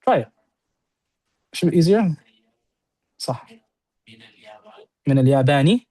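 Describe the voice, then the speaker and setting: A man teaching an Arabic lesson to a class, explaining quickly and often checking in with "right?". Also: on the high side, expressive, warm tone. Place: classroom with students on-site and online.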